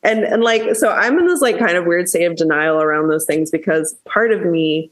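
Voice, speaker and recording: A woman hosting a podcast in casual chat, candid and quick to swear as she gets heated. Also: lowish voice. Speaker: podcast host.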